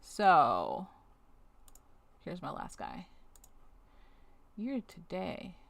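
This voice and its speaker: A woman streamer on a webcam mic speaks in a fairly low, creaky voice with huge pitch swings and drawn-out words. She's doing a task and chatting casually, thinking aloud as she scolds things on screen and then apologizes.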